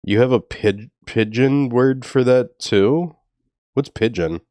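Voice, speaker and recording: A man from New Orleans talks loosely and at length, laughing as he goes, in an ordinary middle-pitched voice. The sound is dry and close, with no room around it. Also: slow pace, darkish tone, dry recording. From New Orleans, Louisiana. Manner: chatty, laughs often, loose and rambling. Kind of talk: casual chat.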